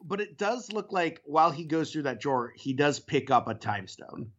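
A man's voice: a little high, very animated, moderate pace, highs cut off. A man co-hosting a podcast, chatting loosely and enthusiastically in a casual review conversation, with some filler words. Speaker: podcast co-host.

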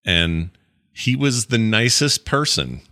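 A man's voice: lowish voice, sing-song, slow, bright, forceful tone, no echo, studio quality. A man from Utah co-hosting a podcast, chatting in a rambling, joking, self-deprecating way. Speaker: podcast co-host. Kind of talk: casual chat.

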